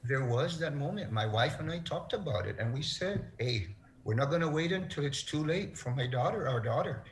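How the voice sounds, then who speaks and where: A middle-aged man speaking as an interview guest, telling a personal story in an earnest, halting way, his voice breaking with emotion. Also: on the high side, lively intonation, slight background noise.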